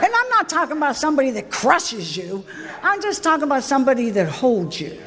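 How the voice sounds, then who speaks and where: High-voiced woman sharing her recovery story. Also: huge pitch swings, a little fast, crowd noise. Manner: candid, emotional storytelling with swings in pitch and pace. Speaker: recovery speaker. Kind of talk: personal recovery share at a meeting. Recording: echoey hall with long reverb.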